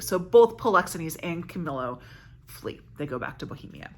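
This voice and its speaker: A woman's voice: sits low, expressive, a little fast, slight background noise. A woman vlogger casually summarizing a plot, chatty and correcting herself as she goes. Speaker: book vlogger.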